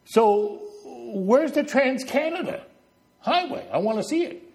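A man putting on a French accent to voice an astonished male politician in a sermon anecdote, with high, incredulous exclamations. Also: animated, unhurried, gravelly, darkish tone, exaggerated voice.

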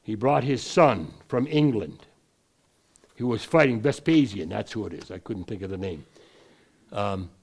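A man's voice: lowish voice, animated, unhurried, vocal fry. A man preaching a sermon, wandering and restarting his sentences, then pushing his voice up hard on the points he wants to land. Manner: digressive, frequent restarts, rising emphasis on key points.

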